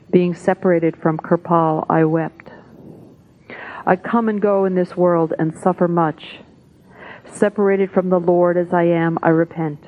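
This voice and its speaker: A woman reading devotional texts aloud at a spiritual gathering, in a measured, solemn way. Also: fairly low pitch. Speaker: satsang reader. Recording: tinny phone-like audio.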